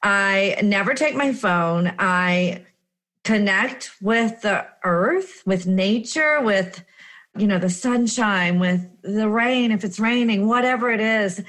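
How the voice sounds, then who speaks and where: A woman chatting casually, telling a story with lively acted-out exclamations. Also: medium pitch, slow. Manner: animated storytelling, acting out her own exclamations. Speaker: guest. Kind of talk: casual chat.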